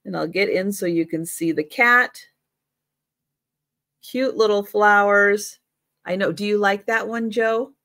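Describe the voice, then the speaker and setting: Speaking at a measured pace with frequent pauses, a middle-aged woman with a medium-pitched, fairly bright voice runs a casual live vintage sale. Between items she chats away and coos at her pets in baby talk. The studio-quality recording has no room sound.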